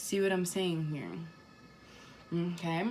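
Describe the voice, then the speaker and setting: Emphatic woman with a lowish voice. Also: slow, darkish tone, a little hiss or hum. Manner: emphatic, repeats phrases, swears casually. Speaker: spiritual vlogger. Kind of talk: casual spiritual monologue.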